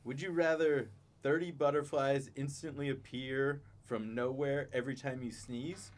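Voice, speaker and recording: A man's voice: mid-range voice, fairly even intonation, normal speed. A man hosting a casual podcast chat, laid-back, reading out would-you-rather questions and laughing often. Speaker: podcast host.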